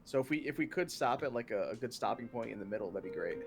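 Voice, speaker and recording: An American man jokes and teases while playing a co-op game on stream, with game music underneath. He talks fast at medium pitch with lively intonation.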